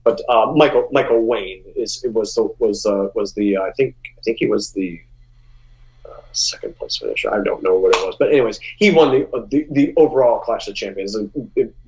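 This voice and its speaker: A man, a musician guest, telling stories in a casual interview, animated and full of restarts, jumping high when he acts out what people said. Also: a little fast, highs cut off.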